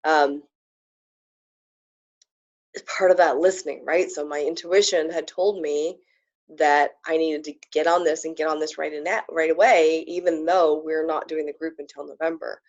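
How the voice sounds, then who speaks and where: Speaking at a moderate pace in a low voice, a spiritual coach addresses viewers on her live program with casual, effusive enthusiasm, frequent fillers, and bursts of excited whooping. The audio lacks its high frequencies.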